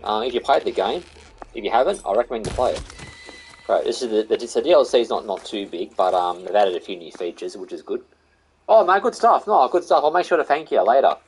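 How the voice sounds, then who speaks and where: A man's voice: on the low side, lively intonation, fairly quick, low-quality recording. A young Australian man chatting casually with viewers on a live game stream, greeting them by name and calling them mate and buddy.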